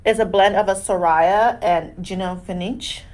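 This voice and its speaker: A young woman co-hosting a podcast, chatting casually with loud, crude jokes and frequent laughter. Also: medium pitch, steady tone, a little slow. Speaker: podcast co-host. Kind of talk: casual chat.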